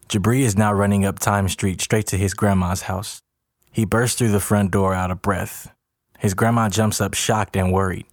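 Low-voiced man narrating a story. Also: moderate pace, no room sound, studio quality. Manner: plain, steady storytelling.

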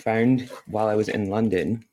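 A woman co-hosting a podcast, telling stories in an animated, gushing way. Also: extremely low pitch, normal speed. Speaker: podcast co-host. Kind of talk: casual chat.

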